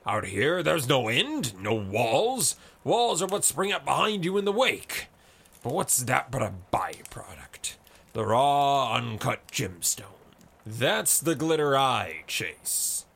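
Man voicing a loud, swaggering storybook sea captain, lively and gravelly. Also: medium pitch, takes it slowly, voice pushed up, exaggerated voice. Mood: exuberant. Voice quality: roaring, impassioned.

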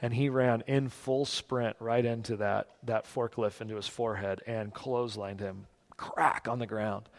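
A man preaching a sermon, telling a personal story and moving between hushed, quiet passages and loud, emphatic ones. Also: mid-range voice, steady tone, moderate pace, few pauses. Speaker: pastor.

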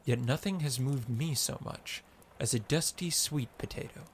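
A man narrating a story in a slow, expressive reading. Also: medium pitch, a little hiss or hum.

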